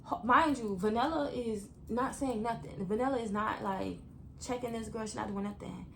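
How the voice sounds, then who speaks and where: A woman's voice: a little high, normal speed, gravelly, a little hiss or hum. Chatty young woman telling a story. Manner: animated, chatty, addresses viewers as y'all. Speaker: vlogger. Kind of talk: story time vlog.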